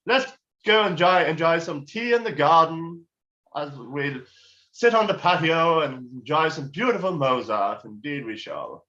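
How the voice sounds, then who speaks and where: A man voicing a refined, posh English gentleman with a prim, elegant manner and an English accent. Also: fairly high pitch, lively intonation, a little slow, muffled recording, voice pushed up, heavily acted.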